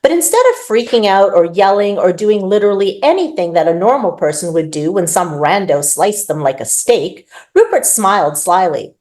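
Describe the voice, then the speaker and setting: A woman author reading her own urban fantasy novel aloud, in expressive first-person narration. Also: medium pitch, moderate pace, few pauses.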